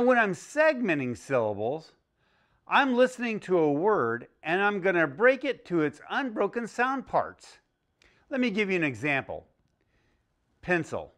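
A man teaching young children a phonics lesson, speaking slowly and clearly with an exaggerated teaching delivery. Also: high-pitched, fairly bright tone. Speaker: early-learning teacher.

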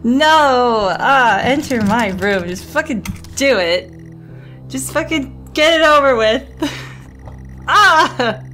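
A woman's voice: sits high, animated, takes it slowly, pushed and bright, soft background music. A woman streaming a horror game, reacting with jittery swearing and nervous laughter and reading game text aloud. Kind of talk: live gameplay commentary.

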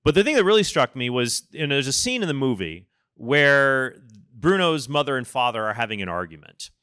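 Bright, crisp-voiced man telling stories. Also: medium pitch, brisk, no room sound, clean studio sound. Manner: lively storytelling, acts out quoted voices. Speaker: conference speaker. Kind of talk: conference talk with stories.

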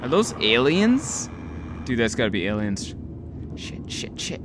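A young man giving live gameplay commentary, talking to himself, excitable and swearing often. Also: mid-range voice, unhurried, noisy background. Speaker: gaming video host.

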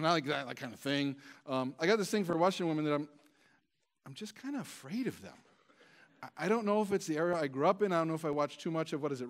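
A male pastor preaching a storytelling sermon in a conversational, self-deprecating way, with many stammered restarts. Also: a little high.

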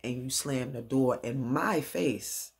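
A woman voicing an angry, hurt grown daughter confronting her father, rising into high-pitched outbursts. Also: takes it slowly, gravelly, husky, exaggerated voice. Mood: indignant.

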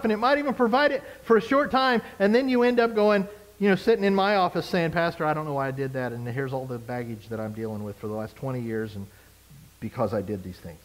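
A man's voice: sits high, rough recording. A man preaching a conversational sermon as a pastor, emphatic and fond of repeated phrases. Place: church service.

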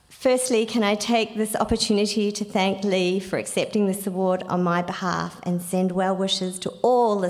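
A woman with a New Zealand accent reading out an acceptance speech on someone's behalf, in a halting, apologetic way. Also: medium pitch, long reverb tail. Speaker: award acceptor.

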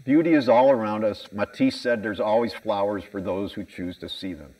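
A man's voice: fairly low pitch, moderate pace, a little mellow. Man, american, conference keynote, candid, self-mocking, slightly distant mic. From United States. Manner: candid, self-mocking, conversational with audience questions. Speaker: conference speaker. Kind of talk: keynote talk. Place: conference hall stage.

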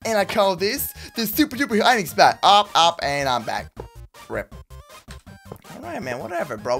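A man's voice: high-pitched, very animated, moderate pace, creaky, fairly bright tone, soft background music. A man hosting Minecraft gameplay commentary, hyped and slangy, talking straight to his viewers. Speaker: gaming YouTuber.

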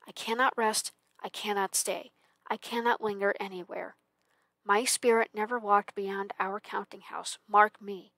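A woman's voice: medium pitch, dry recording, lightly acted. A woman voicing the tormented, chained ghost of an old businessman in a storybook reading, mournful and declaiming. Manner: mournful, declaiming with swells of loudness.

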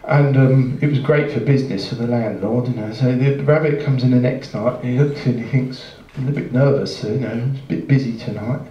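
A man's voice: medium pitch, a little fast, few pauses, dark tone, slight background noise. A man rambling through a long joke at a live show, full of restarts and asides. His voice comes from far off the mic, in a roomy club with a dull, muffled tone. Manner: rambling, self-interrupting, chuckling. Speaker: bandleader telling a joke on stage. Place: jazz club stage.

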